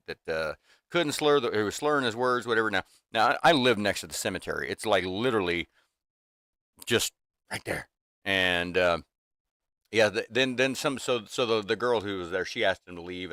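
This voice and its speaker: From a small home workshop room, a man in his fifties hosts a livestream and casually vents to his chat, rambling, restarting, and using lots of fillers. He has a deep voice that sounds pushed and bright, captured in clean studio sound with no room sound.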